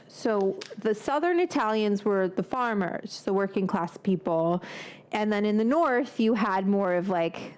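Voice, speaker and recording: A woman's voice: mid-range voice, expressive, measured pace. A woman hosting a cooking live stream from a home kitchen, talking in a loose, rambling, chatty way with casual swearing and drifting off onto tangents.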